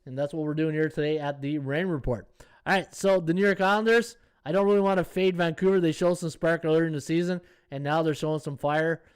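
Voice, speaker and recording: A man's voice: on the high side, steady tone, brisk, clean tone. A man hosting a sports betting podcast, chatting casually as he thinks aloud through the odds and reads out viewer comments. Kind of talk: casual live-stream analysis.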